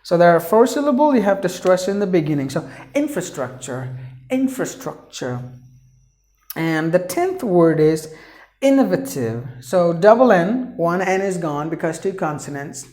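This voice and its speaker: A woman teaching English pronunciation in a slow lesson. She spells out letters and repeats each word several times. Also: lowish voice, expressive, dark tone. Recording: echoey room.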